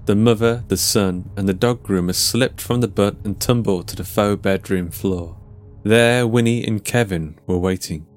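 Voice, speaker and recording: A man reading his own story in a calm, measured narration. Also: fairly low pitch. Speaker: writer and narrator. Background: faint music.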